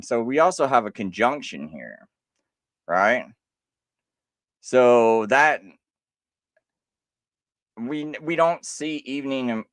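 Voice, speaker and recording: A man hosting a livestream delivers a rebuttal with a sarcastic, mocking edge, laughing as he argues. His pitch swings widely, climbing high in disbelief and sinking low. The recording is dry, close, and slightly bright, with no echo.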